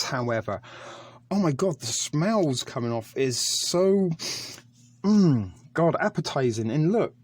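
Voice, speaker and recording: A man's medium-pitched, darkish voice carries this casual food review vlog. He looks over a ration pack on camera, chatting hesitantly with lots of ums.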